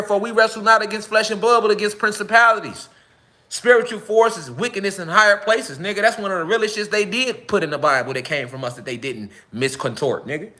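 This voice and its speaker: A man speaking delivers a fervent, repetitive monologue full of profanity. His voice sits high and bright, sharp at the edges. He circles back on his phrases as he presses his point. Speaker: social media commentator.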